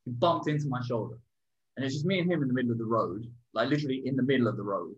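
A man telling a story in casual chat, animated and swearing, acting out what people said. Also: mid-range voice, rapid-fire. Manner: animated, swearing, acts out quotes loudly. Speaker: podcast co-host. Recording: dull lo-fi sound.

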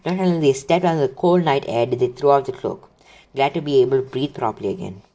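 A man's voice: medium pitch, fast, mellow. A man reading a children's book aloud, casually, with slips and restarts. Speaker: reader.

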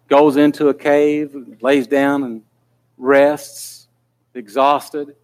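A man preaching a sermon in an earnest manner that builds to pleading intensity. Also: medium pitch.

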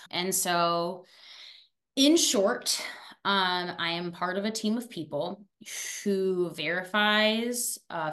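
Chatty young woman, fast and casual. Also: lowish voice, fairly bright tone. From France. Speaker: guest, former student. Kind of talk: casual interview conversation.

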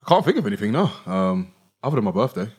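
Laid-back podcast host, man in his twenties, lowish voice, easygoing and rambling. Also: sing-song, fast talker, darkish tone, slightly rough. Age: 20s. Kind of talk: casual chat.

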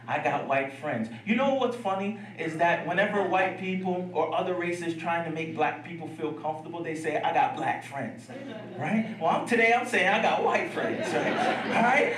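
A man's voice: high-pitched, echoey room, distant mic, poor audio. A man preaching a sermon in a church, telling a story with humor and laughing asides. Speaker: pastor. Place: church sanctuary.

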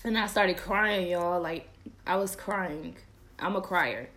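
A woman's voice: fairly low pitch, slow, a bit bright. A young woman hosting a podcast, chatting casually and animatedly to her viewers, laughing often. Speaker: podcast host.

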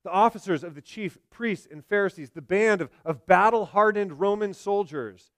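Man preaching with hushed, dramatic emphasis. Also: high-pitched, normal speed, no echo, studio quality. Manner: dramatic, swings from loud emphasis to hushed delivery. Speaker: pastor. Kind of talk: sermon.

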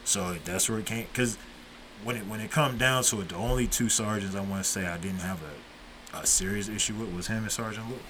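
A man's voice: fairly low pitch, steady tone, brisk, background noise. A man hosting a podcast, telling stories in a laid-back, profane, casual way. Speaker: podcast host.

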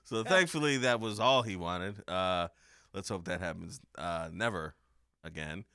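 Young male podcast host, rambling and profane, bright, smooth voice. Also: low voice, measured pace, no room sound, studio quality. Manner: rambling, swears freely, laughs often. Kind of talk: casual chat.

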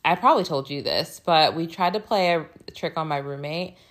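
A woman's voice: sits low, moderate pace, a bit bright. A young woman co-hosting a podcast, talking frankly and profanely and laughing often. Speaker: podcast co-host. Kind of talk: casual chat.

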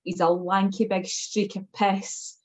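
A woman's voice: medium pitch, level tone, slow, darkish tone. A woman co-hosting a casual sports chat, jokey and self-mocking. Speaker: podcast co-host. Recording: slightly dull lo-fi audio.

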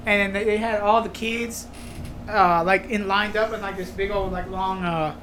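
A man casually telling school stories as a podcast guest, pausing often with fillers. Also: sits high, fairly even intonation, a bit bright, a little hiss or hum. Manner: hesitant, many fillers. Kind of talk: casual chat, storytelling.

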